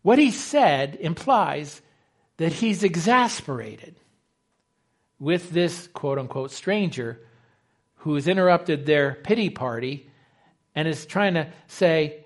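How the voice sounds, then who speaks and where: Male pastor, slightly high voice, lively sermon delivery that acts out quotes. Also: takes it slowly. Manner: animated preaching, acts out quoted dialogue.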